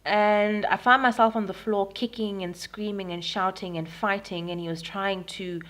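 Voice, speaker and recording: A woman's voice: medium pitch, fairly even intonation, moderate pace, fairly bright tone. A young Zimbabwean woman recording a personal video diary at home, retelling events frankly with frequent ums. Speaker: vlogger. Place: at home in Harare.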